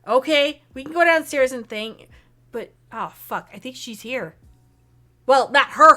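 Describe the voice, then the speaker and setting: A woman's voice: sits high, unhurried, sharp tone. A woman narrating as game master of an online tabletop game, chatty and loose with fillers. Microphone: headset or desk mic, online stream.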